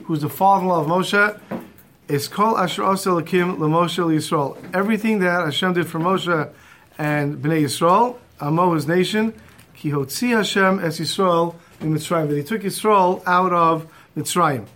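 High-voiced man teaching a Torah class. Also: moderate pace, a bit bright. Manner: mixes Hebrew and Yiddish terms into English, acts out quotes.

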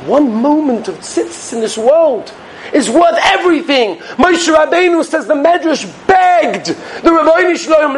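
A man giving a Torah sermon as a rabbi, animated and swinging between loud stresses and hushed asides. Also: extremely high pitch, normal speed.

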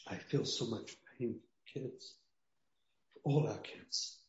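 A man's voice: mid-range voice, slow pace. A man speaking as a rabbi in an interview, earnest and preaching, often repeating his key lines. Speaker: rabbi and parenting guest. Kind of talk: emotional interview talk. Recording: dull roomy sound.

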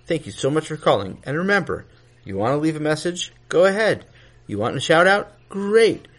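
A man hosting a podcast, reading listener shout-outs and giving directions in a friendly, direct way. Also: on the high side, sing-song, normal speed. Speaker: podcast host. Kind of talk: show announcements.

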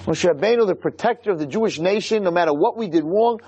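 A man's voice: sits high, quick pace, darkish tone, breathy edge, muffled recording. A man giving a Torah lecture, emphatic and full of rhetorical questions.

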